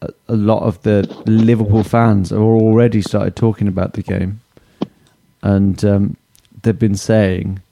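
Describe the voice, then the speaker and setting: A man hosting a casual football podcast talks slowly and haltingly, stopping to hunt for his words. He mocks himself as he rambles, in an easygoing chat. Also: lowish voice, flat delivery, creaky, warm tone, dry recording. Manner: hesitant, lots of fillers and restarts, self-mocking. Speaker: podcast host.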